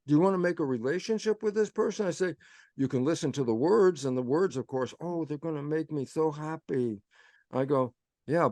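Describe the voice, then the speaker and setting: Slightly high and a bit mellow, a man's voice comes through a dry recording. He's a guest speaker giving an explanatory talk as a narrative, voicing quoted exchanges with "I say" and "I go" and driving points home with rhetorical questions.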